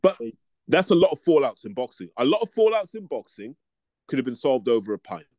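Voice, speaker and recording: A man in casual chat, calm and reasoning, calling people mate. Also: medium pitch, brisk, no echo.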